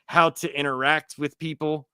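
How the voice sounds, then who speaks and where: A man chatting as a podcast guest, telling stories in a profane, animated way. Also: a little high, moderate pace, smooth, no room sound. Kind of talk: casual podcast chat.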